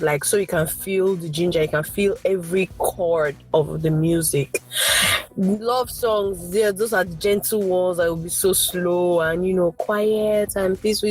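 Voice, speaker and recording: A young adult woman guest on a podcast, talking frankly and emphatically in casual chat, with fast animated bursts. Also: fairly low pitch, slightly rough.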